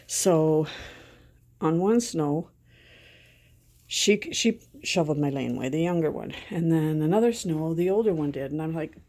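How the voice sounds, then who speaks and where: A middle-aged woman talks casually at home, rambling from one thing to the next with a sentimental streak. Her voice sits a little low and sounds mellow and soft-edged. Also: animated, a little slow, long pauses. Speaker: vlogger. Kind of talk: casual chat.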